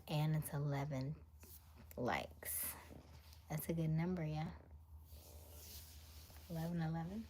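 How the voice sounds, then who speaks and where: A woman's voice: low-pitched, a little mellow, slight background noise. An American woman hosting a casual live stream, chatting and reading viewer comments aloud, often laughing and dropping to a half-whisper. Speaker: livestream host.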